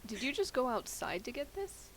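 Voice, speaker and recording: A woman's voice: sits high, very animated, normal speed. A woman playing in a tabletop game, speaking in character in a skeptical, questioning way. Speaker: player.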